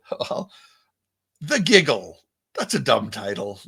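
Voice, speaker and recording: A man's voice: mid-range voice, wildly swooping pitch, takes it slowly, gravelly, bright, forceful tone, slightly rough. Wry laughing man on a podcast. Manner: wry, critical, laughs often. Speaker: podcast co-host. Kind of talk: casual chat.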